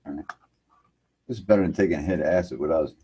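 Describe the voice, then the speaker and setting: A man's voice: a bass voice, quick pace, dark tone, breathy edge. A man hosting an internet radio livestream, rambling loosely in casual chat from his home computer setup and filling lines with "man".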